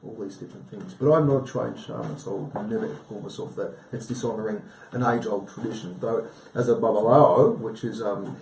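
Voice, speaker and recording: A man's voice: on the low side, fairly even intonation, a little fast, creaky, hardly any pauses, darkish tone, reverberant, recorded from a distance, slight background noise, rough recording. A man speaking as a guest healer on a live TV chat show, talking earnestly, rambling and repeating his phrases.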